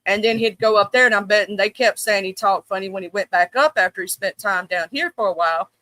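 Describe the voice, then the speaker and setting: Bright, emphatic woman telling a story. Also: mid-range voice, fast talker, dry recording, poor audio. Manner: storytelling, emphatic, swears casually. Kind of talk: casual group chat on a live stream.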